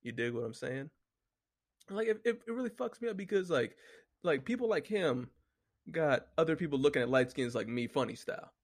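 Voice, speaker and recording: Talking fairly quickly in a fairly high voice with lively intonation, a man reads from his notes during a casual, heated rant and sports discussion. He curses constantly and leans on fillers like "you know what I'm saying."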